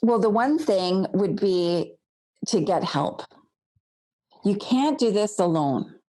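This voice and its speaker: A woman's voice: medium pitch, lively intonation, slow pace, mellow. A woman accountant, a guest on a podcast, speaking boldly and forthrightly in casual chat. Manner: bold, forthright.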